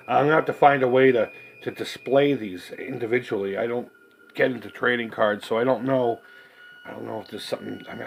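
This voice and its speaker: Over a rough recording, a forties-aged man with a medium-pitched, creaky voice and a breathy edge hosts a relaxed unboxing of collectibles. He rambles, swears freely, and keeps things jokey with plenty of laughter.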